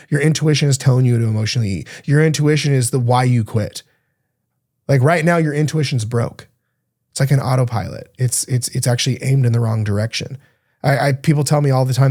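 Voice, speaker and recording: A male podcast host and diet coach talking in a casual, unscripted monologue. He is blunt and emphatic and swears freely. His voice is mid-pitched with a warm, mellow tone.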